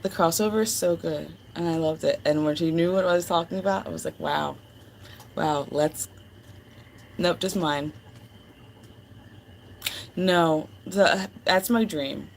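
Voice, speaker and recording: A woman's voice: fairly low pitch, moderate pace, gravelly, a little hiss or hum, poor audio. A woman hosting a livestream, chatting casually and affectionately with viewers, full of fillers. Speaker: livestream host. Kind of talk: casual chat with live chat.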